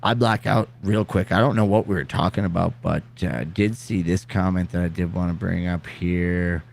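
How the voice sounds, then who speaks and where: A man's voice: sits low, fairly even intonation, normal speed, vocal fry, darkish tone, slight background noise. A man from Alberta, Canada, co-hosting a casual live chat show with profane banter.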